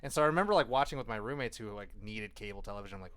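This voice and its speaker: A man co-hosting a casual nerd-culture podcast, talking in long animated rambles and swearing freely. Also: medium pitch, very fast, few pauses, clean tone, no echo. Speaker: podcast co-host. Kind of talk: casual chat.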